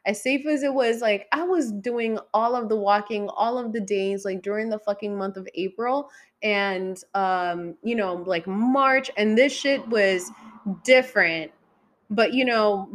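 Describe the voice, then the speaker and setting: A woman in the middle of her pitch range, telling stories in a loose, unfiltered way. She swears freely and swings from loud bursts to soft, trailing asides. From San Diego area. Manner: frank, profane, animated, jumps between loud outbursts and quiet asides. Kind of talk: casual storytelling monologue.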